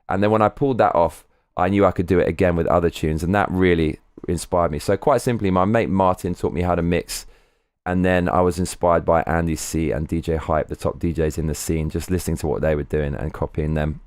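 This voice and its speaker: Guy rambling on his stream, kinda low voice, swears a lot, super dry sound. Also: fairly even intonation, a little fast, a little mellow, clear, resonant tone, no echo. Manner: candid, rambling, swears freely. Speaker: live streamer. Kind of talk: casual live-stream chat.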